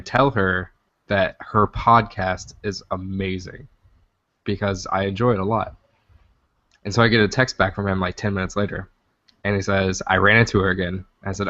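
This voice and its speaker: A young man with a lowish voice tells stories on a casual podcast, getting animated and swearing freely as he goes. The sound is dry and a little dull, like a cheap home setup. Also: moderate pace, dry recording. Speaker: podcast co-host. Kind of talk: casual chat.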